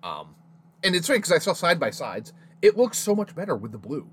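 A man's voice: on the high side, very animated, brisk, slight background noise. A man co-hosting a casual podcast, talking films in an opinionated, profane way. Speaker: podcast co-host. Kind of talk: casual film discussion.

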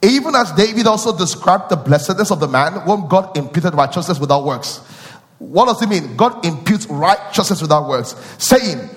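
A male preacher giving a sermon, repeating phrases and questioning his listeners, rising from quiet teaching into sung and shouted peaks. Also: high voice, animated, moderate pace, in a large hall.

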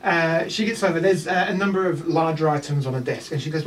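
A man's voice: on the high side, quick pace, hardly any pauses, distant mic, faint music behind. A man with a New Zealand accent narrating a tabletop game as game master, rambling with frequent ums.

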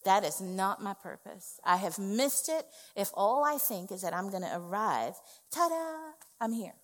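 A woman's voice: medium pitch, sing-song, moderate pace. A woman executive pastor preaching a sermon, emphatic and conversational, often checking in with "okay", recorded in a church sanctuary. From West Indies family. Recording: long hall reverb.

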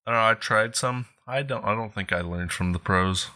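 A man's voice: on the low side, a little fast, pushed and bright. A man co-hosting a casual gaming podcast, laid-back and laughing easily. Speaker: podcast co-host.

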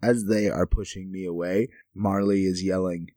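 Low-voiced man playing a tabletop game. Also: fairly even intonation, mellow, dry recording, studio quality. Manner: describes his moves, halting starts. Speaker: player. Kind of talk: casual tabletop play.

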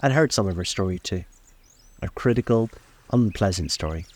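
A man reading a novel aloud in a calm, measured way, recorded outdoors on a lakeside deck. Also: low voice. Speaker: storyteller.

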